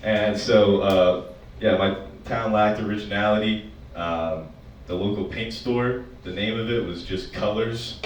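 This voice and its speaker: A man's voice: on the low side, steady tone, measured pace. Young guy from rural pennsylvania doing standup, swears a lot, sounds far off in a noisy echoey room. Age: young adult. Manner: loose, profane, self-mocking delivery. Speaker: stand-up comedian. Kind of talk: stand-up comedy set. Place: small apartment comedy show.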